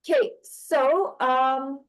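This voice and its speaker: A young woman teaches a writing lesson in a slightly high voice. She talks at an unhurried pace, stopping often to search for the next word and correct herself. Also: low-quality recording. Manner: explaining slowly with many fillers and restarts. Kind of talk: online class lecture.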